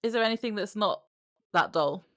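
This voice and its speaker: A woman's voice: medium pitch, expressive, fairly quick, a bit bright. A woman co-hosting a podcast in casual chat, reacting and laughing along. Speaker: podcast co-host.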